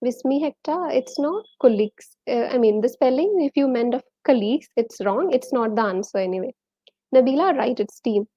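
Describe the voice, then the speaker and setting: A woman's voice: on the high side, expressive, a little fast, dark tone, no echo, highs cut off. A woman with a Malayali accent teaching a live online English lesson, quizzing viewers and reading out their names and answers.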